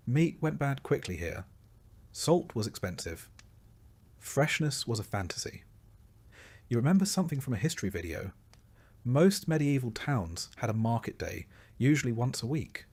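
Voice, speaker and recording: A man calmly narrating a soothing bedtime history story in the second person. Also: medium pitch, no echo. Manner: soft, soothing and unhurried.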